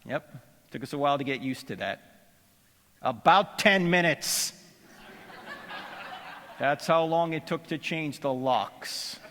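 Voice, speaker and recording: A man's voice: mid-range voice, a bit bright, big-room sound, a little hiss or hum. A middle-aged man giving a humorous seminary lecture, joking and quizzing his audience. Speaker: apologetics speaker. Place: lecture hall.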